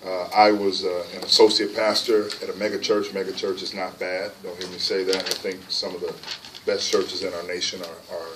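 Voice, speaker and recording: A man speaking as a pastor in a low, level, measured voice, sharing his background on a panel. He sounds far from the microphone, with hiss in the background. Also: flat delivery. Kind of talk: panel talk. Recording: distant mic with noticeable hiss.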